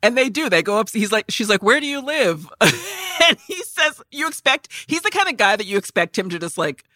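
Bright-voiced woman gushing about a movie. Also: medium pitch, fairly quick, no echo, clean studio sound. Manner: animated, swearing, acts out film lines in loud voices. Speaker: podcast co-host. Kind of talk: casual movie chat.

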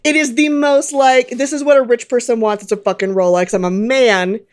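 A woman's voice: sits high, animated, fairly quick, a little mellow. A woman co-hosting a casual comedy chat, laughing often and slipping into mock voices. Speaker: podcast co-host.

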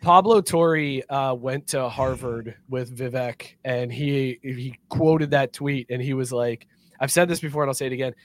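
Man, higher voice, big swings, podcast host, dry close mic, acts out quotes. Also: no room sound. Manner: animated storyteller, acts out quotes. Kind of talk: casual sports podcast banter.

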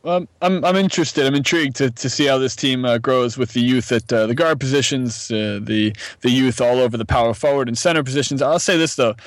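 A man's voice: mid-range voice, a little fast, hardly any pauses, no echo. A man co-hosting a basketball podcast, chatting casually with plenty of hesitations and fillers. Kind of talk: casual sports chat.

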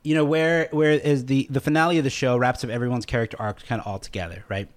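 A man's voice: mid-range voice, fast. Chatty man recapping a show. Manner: animated retelling, acts out quotes, laughs often. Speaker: podcast co-host. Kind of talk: casual chat.

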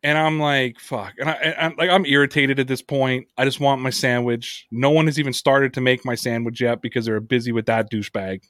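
A man hosting a sports podcast, telling stories in a casual, profane, animated way. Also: mid-range voice, brisk, hardly any pauses, no echo, studio quality. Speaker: podcast host.

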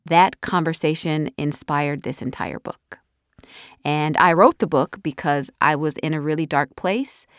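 A woman's voice: low voice, a little slow, clean tone, no room sound, studio quality. A woman in her thirties, an author, chatting casually and animatedly about her audiobook from a recording booth. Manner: animated, chatty, drops softly at the ends of thoughts. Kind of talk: casual reflective chat. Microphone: studio mic.

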